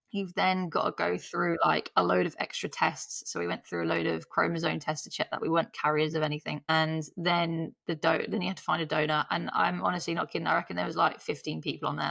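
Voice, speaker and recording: A woman talks in a low, gravelly voice, recorded dry and close. She tells a long personal story in a chatty, candid way, with frequent laughs and restarts. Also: a bit bright, no echo. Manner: chatty, laughs often, self-interrupting. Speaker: podcast guest.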